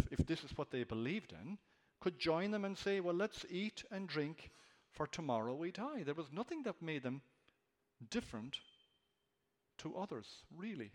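Earnest male preacher in a reverberant hall. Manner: earnest, emphatic, with animated pitch rises on key words. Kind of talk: expository sermon.

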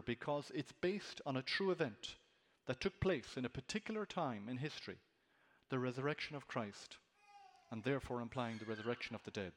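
Earnest male preacher in a reverberant hall. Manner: earnest, emphatic, with animated pitch rises on key words. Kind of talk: expository sermon.

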